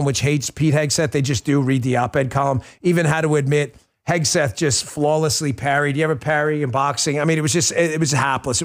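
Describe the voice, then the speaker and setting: A middle-aged man hosting a political talk show, ranting bluntly and piling up insults in quick emphatic lists. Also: a little high. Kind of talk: heated political commentary.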